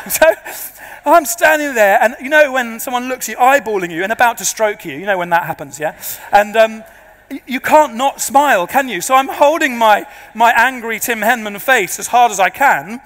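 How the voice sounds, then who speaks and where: A man, a pastor preaching to a congregation, an animated and self-deprecating storyteller. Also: extremely high pitch, moderate pace. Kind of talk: sermon with humorous storytelling. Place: large church before a congregation. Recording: long reverb of a large church.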